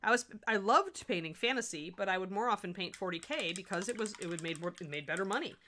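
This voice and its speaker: With slight background noise, a woman from the US Midwest talks quickly in an expressive, mid-range, bright, forceful voice. She hosts a miniature painting livestream tutorial, chatting to viewers and answering chat while she works, restarting sentences along the way.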